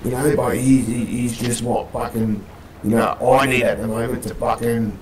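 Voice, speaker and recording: A man's voice: mid-range voice, flat delivery, normal speed, echoey room, a loud crowd, rough recording. A man playing a gang leader in a roleplay, rambling, swearing constantly and calling everyone mate. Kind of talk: in-character roleplay chat.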